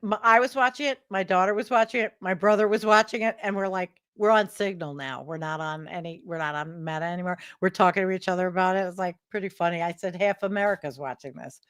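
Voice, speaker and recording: A woman's voice: fairly low pitch, quick pace, few pauses, a bit bright, clean tone, no room sound, studio quality. A woman co-hosting a casual panel chat, blunt and outspoken, swearing freely. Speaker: co-host.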